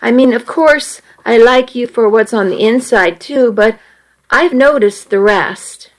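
A woman voicing an easygoing teenage boy who teases his best friend in a calm, matter-of-fact way. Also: on the high side, measured pace, natural voice, rough recording.

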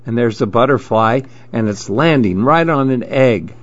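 A man reading children's picture books aloud, gently lifting his voice for the children's lines. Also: mid-range voice, animated, moderate pace, no echo, dull audio. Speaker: storybook reader.

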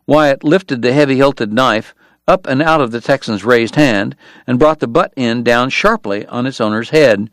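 A man narrating an audiobook in a steady, measured storytelling voice. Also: mid-range voice, dry recording. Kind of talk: scripted narration.

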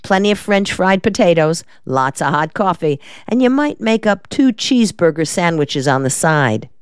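A woman's voice: lowish voice, lively intonation, normal speed, clear, resonant tone, no echo, natural voice. A woman reading the part of a shrewd, wisecracking male defense lawyer in an audiobook, in a dry, decisive manner.

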